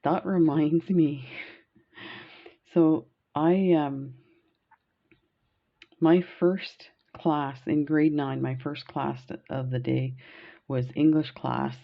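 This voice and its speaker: Slow, gravelly-voiced woman telling stories. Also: sits low, steady tone, highs cut off. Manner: chatty, laughing, rambling. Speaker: beading vlogger. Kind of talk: casual storytelling while beading.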